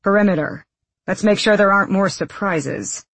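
A woman voicing a cool young male gang leader who gives clipped, measured orders in a storybook reading. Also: mid-range voice, a bit bright, slightly rough, no room sound.

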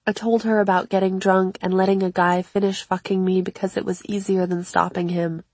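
A woman reading her own memoir aloud in a measured, reflective first-person narration. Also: medium pitch, level tone, a little mellow, dry recording. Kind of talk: scripted audiobook narration.

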